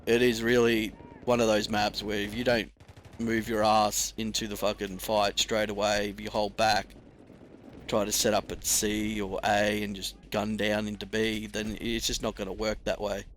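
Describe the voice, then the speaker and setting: Swearing man, lowish voice, casual. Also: completely flat delivery, moderate pace, slight background noise. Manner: rambling, heavy swearing, slangy. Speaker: gaming commentator. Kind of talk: casual gameplay commentary.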